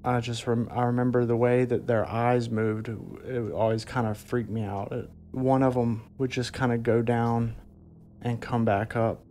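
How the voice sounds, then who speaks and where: A man giving documentary interview testimony about an encounter, speaking haltingly with frequent restarts. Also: mid-range voice, little pitch movement, darkish tone, slight background noise.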